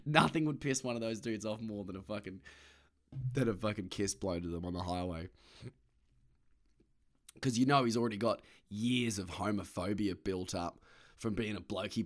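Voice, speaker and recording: A man's voice: lowish voice, moderate pace, pauses often. A man talking to camera in a casual solo monologue. He rambles and swears, mocks himself, and laughs often. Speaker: vlogger.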